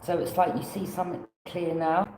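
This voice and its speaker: Tarot reader musing aloud, keeps repeating itself, mid pitch, echoey room. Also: fairly even intonation, fairly quick, darkish tone, slight background noise. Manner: rambling, repeats phrases, offers loose alternatives. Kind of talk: casual tarot reading.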